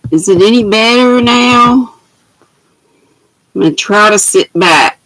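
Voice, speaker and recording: An older woman hosting a casual craft livestream, warmly greeting viewers by name with pet names and laughing often, speaking into a laptop mic at home. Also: mid-range voice, slow pace, poor audio. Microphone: laptop built-in mic.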